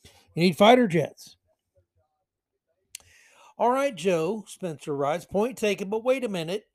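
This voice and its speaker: A male podcast host with a fairly high voice, delivering political commentary. He reads passages aloud and keeps cutting in with sarcastic, mocking remarks. The sound is dry and close, with no room echo. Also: animated, slow.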